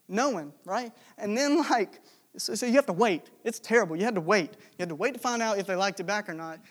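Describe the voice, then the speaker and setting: A young man delivers a sermon as a loose, conversational story. His voice sits high for a man, and he jokes along, filling his talk with casual asides. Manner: conversational, jokey, with many fillers. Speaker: preacher.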